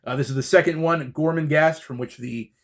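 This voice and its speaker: A man's voice: fairly high pitch, a little fast. A man hosting a casual book haul vlog, talking enthusiastically and chattily about his finds. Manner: enthusiastic, chatty, with fillers and restarts. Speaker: book channel host.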